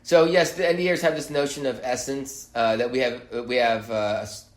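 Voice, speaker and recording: A man hosting a solo podcast, talking in a wry, musing way and often pausing to hesitate. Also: medium pitch, fairly even intonation, echoey room. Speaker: podcast host.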